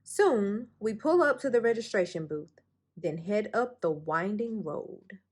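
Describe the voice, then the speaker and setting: A woman's voice: mid-range voice, animated, a little slow, a little mellow, breathy edge. A woman reading a children's picture book aloud for storytime, raising her voice expressively for the characters' lines. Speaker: storytime reader.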